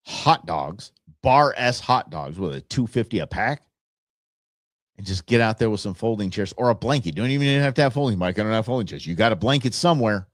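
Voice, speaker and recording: A man's voice: lowish voice, no echo, studio quality. A man hosting his own show, talking casually and enthusiastically, rambling through stories and restarting his sentences. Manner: rambling, enthusiastic, self-interrupting. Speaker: show host. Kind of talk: casual solo podcast talk.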